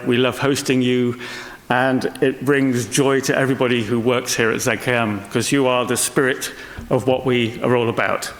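A man whose first language is English, giving an informal welcome speech as a museum director from a stage, chatty and a little self-mocking. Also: medium pitch. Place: stage in a large hall. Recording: long hall reverb.

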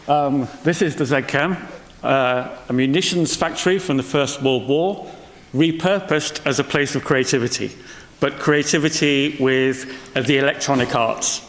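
A man whose first language is English, giving an informal welcome speech as a museum director from a stage, chatty and a little self-mocking. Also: on the high side. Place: stage in a large hall. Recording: long hall reverb.

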